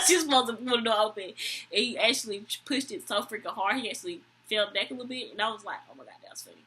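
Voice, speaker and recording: A young woman vlogger telling a story in an animated, exasperated way, swearing often. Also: a little high, fairly quick. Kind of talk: storytime vlog.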